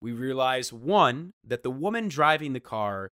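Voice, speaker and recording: Animated man telling a story. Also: medium pitch, unhurried, clean tone. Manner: animated, acts out quoted voices, restarts often. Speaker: guest storyteller. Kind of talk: casual anecdote telling.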